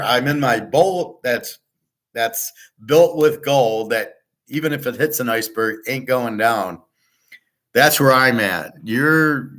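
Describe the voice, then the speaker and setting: A man's voice: mid-range voice, fairly bright tone. A man in the middle of his usual range rants off the cuff as the host of his own show. He is blunt and scornful and swears freely. He acts out both sides of his own stories. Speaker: sports handicapper and show host. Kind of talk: unscripted ranting monologue.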